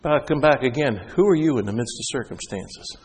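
Male pastor, animated sermon delivery, mid pitch, long hall reverb. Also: a little fast, husky. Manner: animated preaching, rising and loud at high points, dropping soft for stories.

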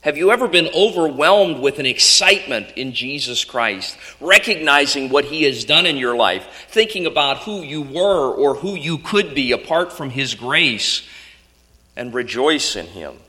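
A man's voice: a little high, expressive, measured pace, sharp tone. A man preaching a sermon in an earnest, emphatic way, often asking the congregation questions. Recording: long hall reverb.

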